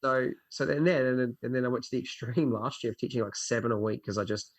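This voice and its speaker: A man's voice: medium pitch, quick pace. Fitness instructor guest, young man, chatty, acts out his own thoughts mid-story. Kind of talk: casual interview chat.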